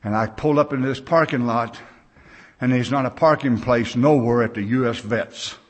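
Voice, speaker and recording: A man's voice: mid-range voice, moderate pace. An older American man sharing a recovery story at a conference, a plain-spoken, folksy storyteller who acts out the voices of the people in his tale. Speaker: recovery meeting speaker. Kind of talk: personal recovery story told to a conference crowd. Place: large conference gathering.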